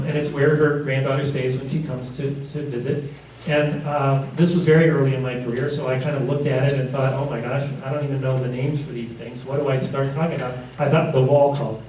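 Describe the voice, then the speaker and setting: This man's warm voice is on the high side, and there's a little hiss or hum in the audio. Teaching a community class, he rambles casually through stories with chuckles, often stopping to correct himself mid-sentence, recorded from a distance in a roomy classroom.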